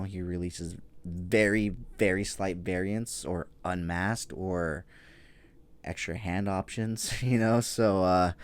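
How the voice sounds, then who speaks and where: On his solo toy news podcast, this man speaks low and a touch mellow. His talk is loose and rambling, full of fillers and casual cursing.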